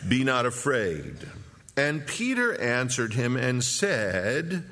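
A middle-aged male pastor teaching a Bible chapter, reading the verses slowly and then breaking in with quick, joking asides. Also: medium pitch, huge pitch swings, pushed and bright.

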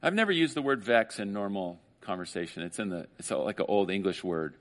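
A man's voice: on the low side, animated, a little fast. A man preaching a sermon as pastor, conversational, with joking asides to the congregation.

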